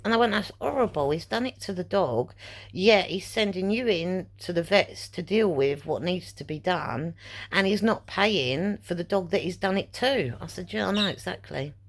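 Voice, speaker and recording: A woman's voice: lowish voice, animated, normal speed. A middle-aged woman telling a personal story in a casual vlog, indignant and rambling as she re-enacts conversations. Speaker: vlogger.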